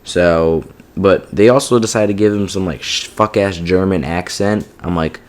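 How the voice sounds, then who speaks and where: A man with a deep voice delivers a rambling spoken rant about a show. He swears often and keeps checking in with "you know what I mean", sounding fed up throughout. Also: normal speed. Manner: profane and exasperated, heavy use of "like" and "you know what I mean". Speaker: TV show reviewer. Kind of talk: casual ranting review.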